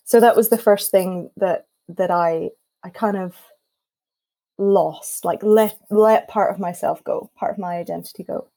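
A woman's voice: medium pitch, unhurried, poor audio. A Scottish woman telling her story as a guest on a panel talk, acting out the quotes as she goes. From Scotland. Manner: lively storytelling with acted-out quotes. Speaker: guest musician. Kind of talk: casual panel chat.

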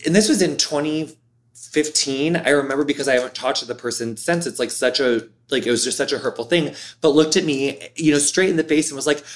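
A man in his thirties, appearing as an interview guest, talks candidly and with animated expression, saying "like" a lot. His voice is fairly high and his pace brisk.

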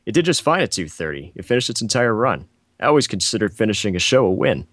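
A man on a casual podcast, calmly answering fan questions in a matter-of-fact way. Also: lowish voice, fast talker, no room sound, clean studio sound. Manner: calm, matter-of-fact explainer.

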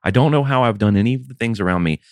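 A man's voice: mid-range voice, animated, very fast, a little mellow, no room sound, clean studio sound. A man in his thirties from the American South, co-hosting a podcast in a casual, rambling, wry and sometimes profane way. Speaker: podcast co-host. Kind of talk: casual chat.

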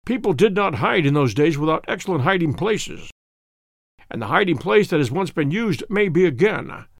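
A calm, precise detective. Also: male voice, fairly high pitch, no room sound, studio quality. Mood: measured. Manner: measured, precise, gently reproving. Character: calm, clever male detective, precise and wry.

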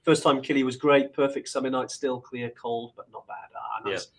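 A man in easygoing conversation, his voice at a middling pitch. He wanders through his thoughts with frequent restarts and fillers. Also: steady tone, normal speed, a bit bright. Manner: rambling, with many restarts and fillers. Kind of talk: casual chat.

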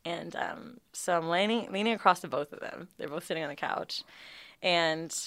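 A young woman casually telling a long, animated, profanity-filled story as a podcast co-host. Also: fairly low pitch, moderate pace, no echo.

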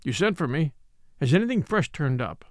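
A man reading the part of an impatient English gentleman who answers dryly and curtly. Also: a little high, sing-song, moderate pace, no echo. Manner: dry and curt. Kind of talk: audiobook character reading.

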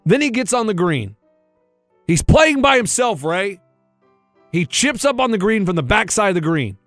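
A man's voice: sits high, big pitch swings, moderate pace, a bit bright, dry recording, soft background music. A man, podcast co-host, telling a story in a worked-up, ranting, profane way. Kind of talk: casual chat, storytelling.

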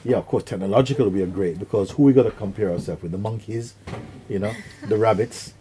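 A middle-aged man giving a spiritual talk to an audience. He speaks in an unhurried, earnest way and acts out quotes and vivid images. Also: on the low side, warm tone, slight background noise. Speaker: spiritual teacher.

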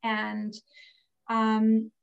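A woman's voice: fairly high pitch, completely flat delivery, extremely slow, vocal fry, dull audio. A woman recovering from pneumonia, telling a personal faith story in casual, earnest speech full of fillers. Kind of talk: casual testimony.

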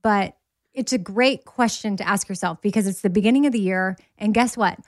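A woman's voice: mid-range voice, fairly quick, no room sound, studio quality. Upbeat woman podcast host. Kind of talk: casual chat.

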